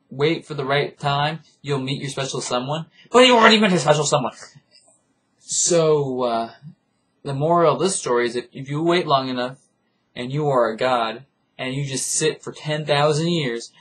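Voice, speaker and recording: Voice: mid-range voice, husky. An anime reviewer ranting casually in a rambling, profane, exasperated way.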